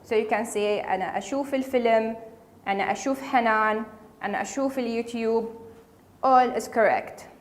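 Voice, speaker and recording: A woman's voice: a little high, steady tone, very fast. A woman teaching a casual spoken language lesson, patiently repeating each word for learners. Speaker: Arabic dialect teacher.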